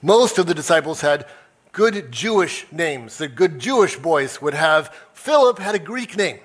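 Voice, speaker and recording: A man's voice: a little high, big pitch swings, unhurried. A male pastor preaching a conversational sermon, acting out quoted voices as he tells the story. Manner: self-described nerd, conversational.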